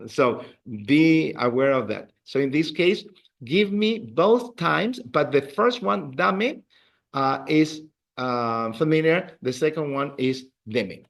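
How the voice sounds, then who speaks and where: A man's voice: a little high, animated, slow pace, vocal fry. A man teaching a beginner Spanish class, patiently repeating words and phrases for his learners. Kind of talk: beginner language lesson.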